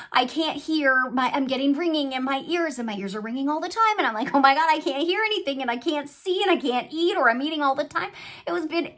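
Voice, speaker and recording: Woman vlogger, casual and chatty, animated storyteller, mid-range voice. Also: mid-range voice. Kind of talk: casual chat.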